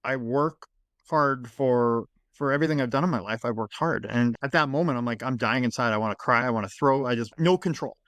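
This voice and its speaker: A man in his forties, a podcast guest telling his story in a casual, emotional and animated way. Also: mid-range voice, fairly quick, no room sound. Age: 40s. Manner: emotional, animated storyteller who acts out dialogue.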